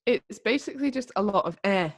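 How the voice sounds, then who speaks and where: A woman's voice: mid-range voice, lively intonation, brisk. A young woman co-hosting a podcast, chatting casually in a giggly, self-conscious way. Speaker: podcast co-host. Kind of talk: casual chat.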